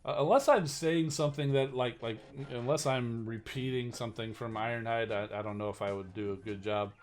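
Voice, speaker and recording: A man's voice: medium pitch, fairly even intonation, brisk. A man hosting a game live stream, chatting casually in an easygoing, self-deprecating way.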